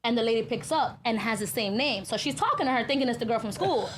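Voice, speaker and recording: A woman co-hosting a podcast, telling family stories in casual, profane, animated chat with frequent laughter. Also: on the high side, fast, slight background noise. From Hispanic family in Florida. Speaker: podcast co-host.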